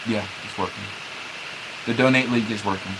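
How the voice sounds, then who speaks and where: A young man livestreaming, speaking haltingly as he holds back tears, with many restarts and repeated words. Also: lowish voice, fairly even intonation, background noise. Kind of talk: emotional livestream talk.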